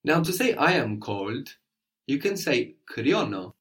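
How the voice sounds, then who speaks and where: A man's voice: mid-range voice, sing-song, a little slow, fairly bright tone. A man teaching a language lesson, patiently explaining words and prompting his student with questions.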